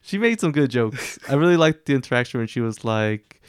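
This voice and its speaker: A laid-back young man co-hosts a casual movie review chat, laughing often and keeping his replies short. His voice is smooth and clear at a medium pitch. The sound is dry and close. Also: lively intonation, fairly quick, dry recording. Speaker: podcast co-host.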